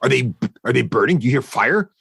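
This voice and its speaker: A man voicing male goblins talking behind a door in a deep, grumbly voice. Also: lively intonation, a little fast, vocal fry, a bit bright, husky, no room sound, exaggerated voice. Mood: worried.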